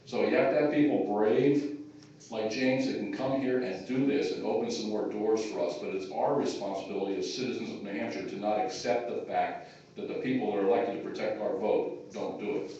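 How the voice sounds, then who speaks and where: A man's voice: fairly low pitch, steady tone, fairly quick, dark tone, lo-fi sound. A man giving an informal, rambling speech to a gathering, with many filler words. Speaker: chairman of a taxpayers' group giving a speech. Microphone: phone in the audience. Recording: echoey hall captured from far off on a phone.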